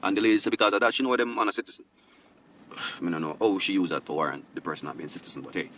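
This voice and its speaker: Man, Jamaican accent, very low, bright, fast, exasperated commentary. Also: animated, recorded from a distance, slight background noise. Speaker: co-host. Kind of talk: news commentary chat.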